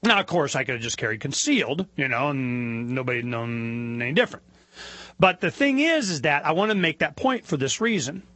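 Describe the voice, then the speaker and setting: A man hosting a talk show, telling a story in an animated, indignant rant that climbs in pitch as he gets worked up. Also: fairly quick, no room sound. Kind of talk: opinionated monologue.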